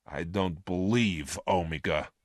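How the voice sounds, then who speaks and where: A man's voice: deep voice, slow pace, no echo, clean studio sound. A man doing a harsh, ruthless space criminal. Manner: hard, scheming. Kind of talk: storybook reading.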